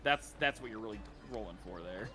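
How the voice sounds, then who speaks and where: A man's voice: on the low side, lively intonation, fairly quick, bright, forceful tone. A man narrating as dungeon master in a laid-back, joking way, swearing casually. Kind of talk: narrating a tabletop game.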